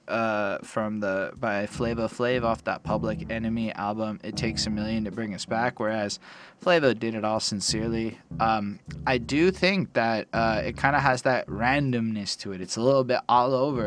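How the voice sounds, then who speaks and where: A man's voice: mid-range voice, moderate pace, background noise. A man casually reviewing rap songs, rambling and swearing loosely as he reads lyrics aloud. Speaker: music reviewer.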